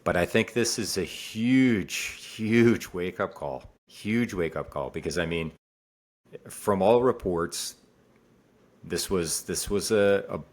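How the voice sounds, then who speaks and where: A man with a very low voice speaks earnestly in a casual podcast conversation. He circles back to the same phrases over and over to stress how strongly he feels. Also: slow. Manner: earnest, repeats phrases for emphasis. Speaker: podcast co-host, father.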